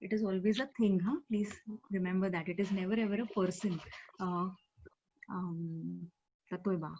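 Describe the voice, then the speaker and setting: Woman, online teacher, patient explainer, lots of "uh", medium pitch, muffled call audio. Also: steady tone, moderate pace, a little mellow, slight background noise. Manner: patient, explanatory, with frequent fillers. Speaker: Japanese language teacher. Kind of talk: online language class. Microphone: video call.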